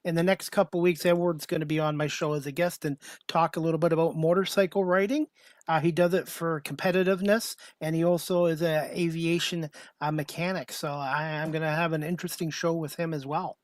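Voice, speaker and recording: A man's voice: on the high side, steady tone, a little fast, dry recording. A man in his fifties hosting a casual talk show, speaking in a friendly, plainspoken way with some hesitation. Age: 50s.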